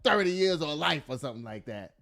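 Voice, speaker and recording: Emphatic high-voiced man ranting. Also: animated, brisk, creaky, pushed and bright. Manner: emphatic, blunt, profane, laughs at own jokes. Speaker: commentary host. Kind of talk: casual political commentary.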